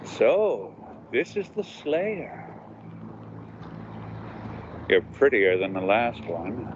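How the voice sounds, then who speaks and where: A man's voice: mid-range voice, sing-song, drawn-out words, lo-fi sound, noisy background. An actor playing an ancient, menacing male vampire lord who taunts and gloats. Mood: taunting.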